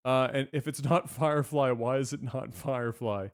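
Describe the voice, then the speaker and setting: A man's voice: mid-range voice, fairly even intonation, moderate pace. A man co-hosting a gaming podcast, reading listener questions aloud and chatting casually. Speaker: podcast co-host. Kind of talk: casual chat.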